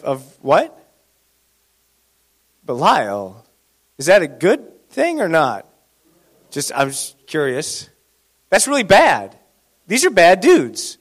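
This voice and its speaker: A man preaching a sermon in an animated, conversational way, asking the congregation questions. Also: fairly high pitch.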